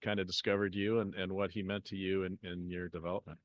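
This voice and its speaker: A man hosting a podcast, asking halting, conversational questions. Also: low-pitched, level tone, no room sound, lo-fi sound. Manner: halting, filler-heavy questions. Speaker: podcast host. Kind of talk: conversational interview.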